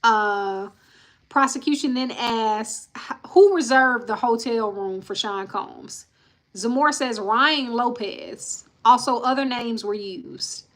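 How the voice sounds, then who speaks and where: Speaking slowly into a live-stream mic, a woman with a somewhat high, bright voice goes over court testimony. Each quote gets a plain reading before she pauses to sigh or talk directly to the people watching. She keeps things casual and frank.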